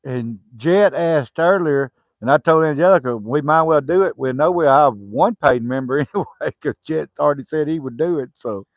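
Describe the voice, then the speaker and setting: A man's voice: a little high, normal speed, few pauses, no room sound, studio quality. A man in his fifties from Arkansas with a Southern accent, co-hosting a casual outdoor livestream chat by a fire in a folksy, easygoing way. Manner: folksy, easygoing, laughs easily. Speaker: co-host of a homesteading livestream.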